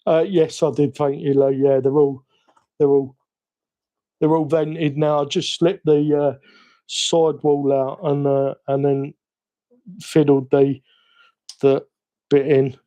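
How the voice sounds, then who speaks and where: Cockney man, slightly high voice, mellow tone, easygoing live-stream chatter, self-mocking. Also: little pitch movement, slow, pauses often. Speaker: hobby livestream host. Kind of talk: casual live-stream chat while working.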